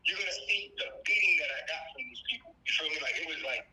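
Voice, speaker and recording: A man from Harlem, calling from prison and telling his story in fast, emphatic street talk over a phone. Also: on the high side, bright, forceful tone, poor audio. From Harlem, New York. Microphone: phone call.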